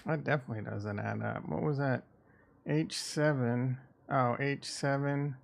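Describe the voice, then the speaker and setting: Slow, gravelly-voiced man from the Midwest. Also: medium pitch, steady tone. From American Midwest. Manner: rambling, irreverent, thinking aloud. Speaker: crypto and stock market streamer. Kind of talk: casual livestream chat.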